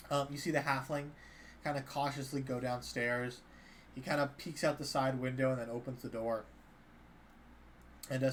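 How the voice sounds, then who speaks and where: A male game master narrates a tabletop session in an easygoing, hedging way, filling his sentences with loose qualifiers. His voice sits at an ordinary middle pitch. A faint hiss runs underneath. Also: fairly bright tone. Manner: casual, hedging with fillers.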